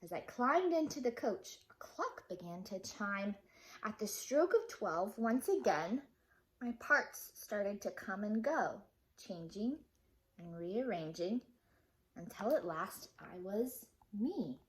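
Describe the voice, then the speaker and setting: A woman's voice: mid-range voice, sing-song, takes it slowly. A woman teacher reading a children's picture book aloud with dramatic expression.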